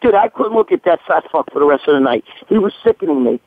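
Male storyteller, high-pitched, swears constantly, rambling; tinny dry phone audio. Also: fast, dry recording. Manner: profane, rambling, animated. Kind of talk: crude casual storytelling.

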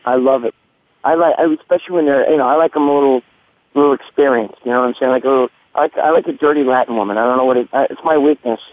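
A man's voice: medium pitch, no room sound. 50s new guy, crude bragging radio cohost, stammers a bit, tinny phone sound. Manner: crude, boastful, halting. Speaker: radio show co-host. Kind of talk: crude casual radio banter. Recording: tinny phone-line audio.

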